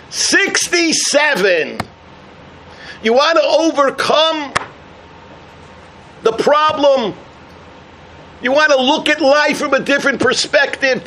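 A man delivers a sermon in a high, lively voice. He tells his parables with energy and throws out the punchlines with a shout. A faint hum of noise sits under the recording. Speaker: rabbi giving a talk.

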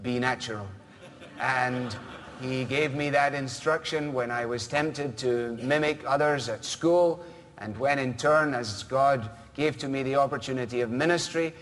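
A man preaching a sermon as pastor, measured and earnest, now and then mimicking other people's voices. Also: mid-range voice, a bit bright, in a large hall.

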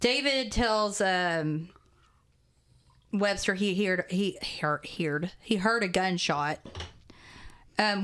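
A woman's voice: medium pitch, a bit bright, clean tone. A woman co-hosting a casual podcast, recapping a movie plot in a dry, dismissive way with frequent offhand asides. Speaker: podcast co-host.

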